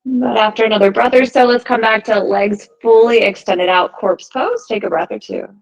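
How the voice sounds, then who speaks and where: A woman teaching a yoga class, giving calm, encouraging cues timed to the breath. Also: a little high, normal speed, gravelly, lo-fi sound. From United States. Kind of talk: guided yoga class instruction.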